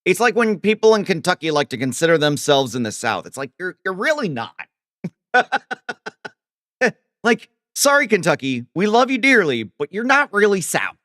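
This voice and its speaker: A man from Ohio streaming live, rambling casually as he reads chat aloud and answers it with quick laughs. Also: high voice, very animated, sharp tone, no room sound, clean studio sound.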